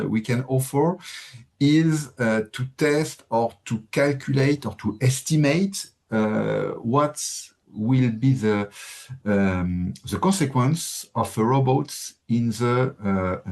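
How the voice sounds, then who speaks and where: A man with a French accent, French his first language, gives a halting webinar presentation full of fillers. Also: medium pitch. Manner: halting, many fillers, uneven loudness. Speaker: presenter from a crop institute.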